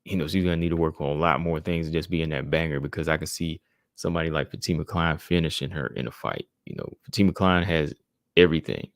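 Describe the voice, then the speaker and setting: Low gravelly man recapping fights casually. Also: expressive, quick pace, no echo, studio quality. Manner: laid-back, fills with "man" and "you know". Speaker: podcast host.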